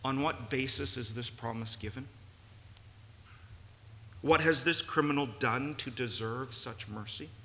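A man's voice: medium pitch, unhurried, pauses often, pushed and bright. A man preaching a sermon in a church, earnest and building to emphatic peaks. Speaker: pastor. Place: church sanctuary. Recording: long reverb, faint room noise.

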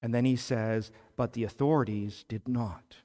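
A man preaching a sermon as pastor, slow and emphatic, building to fervent peaks. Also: mid-range voice, fairly even intonation, dark tone. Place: church sanctuary. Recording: long hall reverb.

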